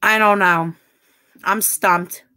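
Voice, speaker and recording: A woman with a bright, forceful voice, chatting live with her viewers. She talks casually and bluntly and swears without holding back. Her pitch sits right in the middle of the usual range. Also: steady tone, slow, clean tone. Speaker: livestreamer reading chat. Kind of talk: casual live-stream chat.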